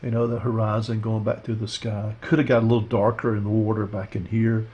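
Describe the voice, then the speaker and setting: A man teaching a watercolor painting demo, talking through his steps in a relaxed, rambling way with lots of fillers. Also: on the low side, a little fast, husky, highs cut off. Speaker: art instructor. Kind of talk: casual painting demonstration.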